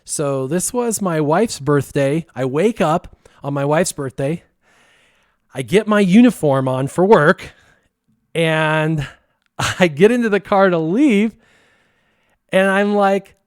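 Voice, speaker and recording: A man casually telling a funny story, lively and laughing as he acts out the voices of the people in it. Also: high voice, a little slow, no room sound, clean studio sound. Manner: animated, laughing, acts out quotes. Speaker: guest storyteller.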